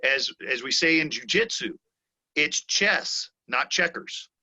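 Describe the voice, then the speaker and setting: A man's voice: fairly high pitch, animated, takes it slowly, sharp tone. A man hosting a podcast and talking about martial arts and refereeing in a casual, earnest way. He often repeats himself and asks "you know what I'm saying?". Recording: dull lo-fi audio.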